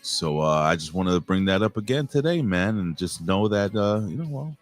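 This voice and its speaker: Low-voiced profane wrestling show host. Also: male voice, expressive, moderate pace, faint music behind. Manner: profane, rambling, shouts out chat viewers. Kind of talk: casual live-stream chat.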